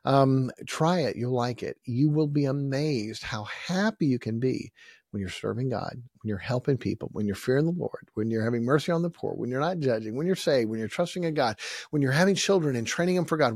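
A man's voice: mid-range voice, darkish tone, breathy edge, dry recording, studio quality. A man preaching as a pastor in a folksy, repetitive style, with sudden emphatic bursts. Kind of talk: sermon.

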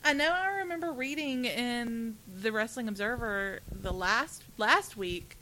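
A young woman speaks in a bright, forward voice with a slight lisp, chatting casually as a podcast co-host. She fills her talk with "like" and laughs easily, and a faint low rumble sits under the recording. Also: a little slow, rough recording. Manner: chatty, many "like" fillers, laughs often. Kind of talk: casual chat.

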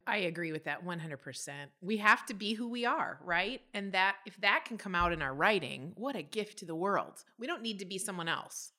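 A woman's voice: medium pitch, expressive, moderate pace, few pauses, sharp tone. A woman guest on a podcast, speaking in an upbeat, earnest way. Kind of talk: casual podcast chat.

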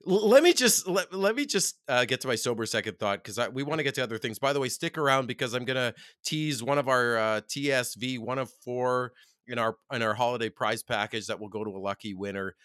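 A Canadian man co-hosting a casual sports chat show, animated and quick to laugh as he talks football. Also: medium pitch, dry recording, studio quality. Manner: excitable, animated, laughs often. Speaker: podcast co-host.

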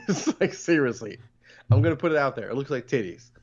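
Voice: medium pitch, animated, a little fast, husky. Podcast co-host, casual chat, crude jokes, heavy swearing, muffled lo-fi sound. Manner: crude, joking, swears freely, laughs often. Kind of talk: casual chat recapping a cartoon episode. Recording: slightly muffled lo-fi audio.

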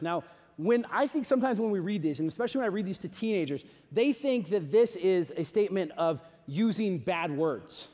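Animated high-voiced man preaching in a hall. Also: brisk. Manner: animated, swings from loud excitement to hushed reflection. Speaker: pastor. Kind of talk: sermon storytelling. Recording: long hall reverb.

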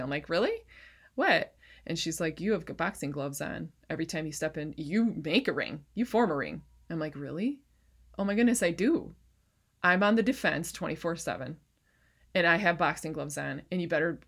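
A woman speaking as a faith-based life coach, sharing an emotional personal testimony in a casual, fervent, preachy way, close to tears, and calling her listeners "you guys" and "baby.". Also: on the low side.

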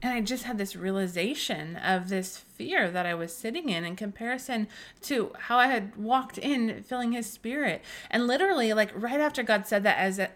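A woman's voice: medium pitch, fairly bright tone. A young woman hosting a faith podcast, telling a personal story in an earnest, emotional way, with many restarts and fillers. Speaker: podcast host.

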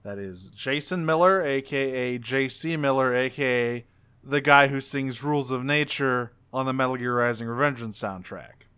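A man with a bright, crisp voice, chatting casually as a podcast co-host. He reads through cast credits and drops dry little asides. His tone stays clear and even throughout. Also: medium pitch, moderate pace. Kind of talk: casual chat about game voice actors.

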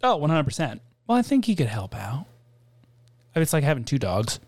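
A man's voice: a little high, huge pitch swings, brisk, darkish tone. A man co-hosting a podcast, chatting loosely with swearing and laughter. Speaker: podcast co-host. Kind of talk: casual chat.

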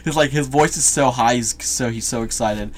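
A man talks through a movie with a friend in an easygoing, rambling way. He starts thoughts, drops them and laughs readily. His voice sits at an ordinary middle pitch. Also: moderate pace. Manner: rambling, laughs easily, trails off. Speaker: podcast co-host reviewing a movie. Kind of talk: casual chat.

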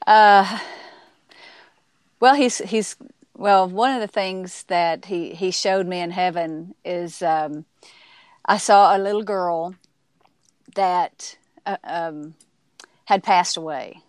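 Woman guest, smooth resonant voice, dry close sound, halting storytelling, fillers and restarts. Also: on the low side, dry recording. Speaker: author and speaker, guest. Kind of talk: casual interview storytelling.

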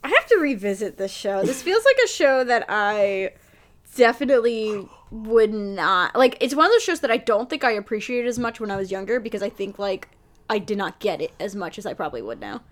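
A woman co-hosting a casual podcast chat, playful and expressive, acting out her own thoughts in voices. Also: mid-range voice, brisk. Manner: expressive, playful, swoops between voices for quotes.

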